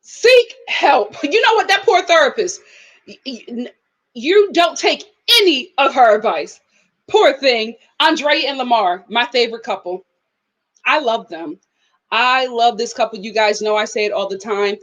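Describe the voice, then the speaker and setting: Animated high-voiced woman reviewing TV. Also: unhurried, lo-fi sound. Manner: animated, slangy, outspoken. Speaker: reality TV reviewer and channel host. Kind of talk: casual live review chat.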